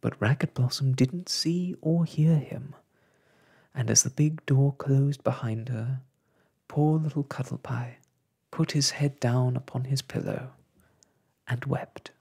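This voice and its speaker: A storyteller reading a children's story aloud in a whispered role-play, soft and hushed. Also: mid-range voice, takes it slowly, creaky, breathy edge.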